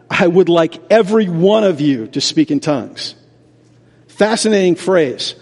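A pastor preaching a sermon in a church, animated, asking rhetorical questions and acting out doubters. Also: male voice, on the high side. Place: church sanctuary. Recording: reverberant large hall.

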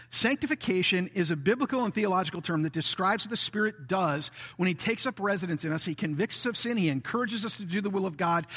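A man preaching a sermon as a pastor, earnest and steady, now and then acting out a self-righteous voice. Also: high-pitched. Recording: reverberant hall.

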